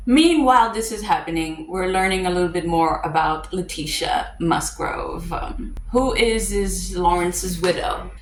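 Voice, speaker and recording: A woman's voice: mid-range voice, a bit bright, a little hiss or hum. Chatty woman reviewing a movie, roomy echo. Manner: chatty, with fillers and wry asides. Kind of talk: casual movie breakdown.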